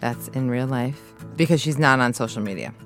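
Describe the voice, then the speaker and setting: A host closes out a podcast episode in a relaxed, chatty way, pitched mid-range. Faint guitar music plays behind the voice. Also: normal speed. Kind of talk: casual podcast outro.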